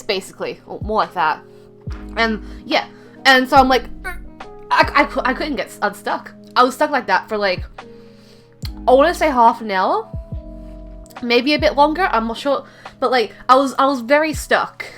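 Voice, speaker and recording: A woman's voice: a little high, moderate pace, a bit bright, faint music behind. A young woman casually telling a rambling story, heavy on fillers and self-mocking.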